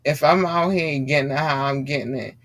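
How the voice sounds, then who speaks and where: A woman's voice: low-pitched, fairly quick. A woman hosting a podcast, ranting bluntly and swearing freely in heated commentary. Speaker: podcast host.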